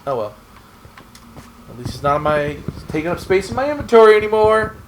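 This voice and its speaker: A man's voice: high-pitched, sing-song, a little fast, a little hiss or hum. A man from Oklahoma chatting casually and rambling in a goofy way while he plays a game on stream. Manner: rambling, goofy, self-talk while playing. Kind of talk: casual gameplay chat.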